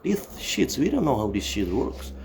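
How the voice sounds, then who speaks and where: A man's voice: medium pitch, huge pitch swings, normal speed, gravelly, a little mellow, a little hiss or hum. A man in his forties from Czechoslovakia, delivering a swearing, digressive monologue full of "you see" and "you know". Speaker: channel host. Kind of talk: profane rambling monologue.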